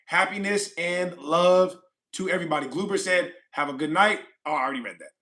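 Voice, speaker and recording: A man's voice: high voice, brisk, sharp tone. A man from California hosting a livestream, chatting casually and reading viewer comments aloud, rambling and repeating himself with frequent laughs. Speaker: livestream host.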